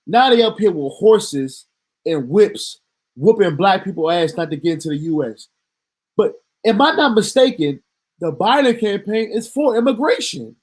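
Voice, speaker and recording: A man's voice: high-pitched, big pitch swings, moderate pace. A man delivering a heated commentary rant as a vlogger, talking in a profane, emphatic and indignant way.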